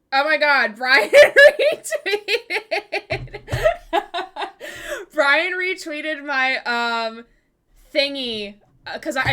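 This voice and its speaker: Her voice is high, sharp, clear and resonant. She's a young woman live-streaming a game, chatting casually with plenty of filler words and bursting into giggles and squeals.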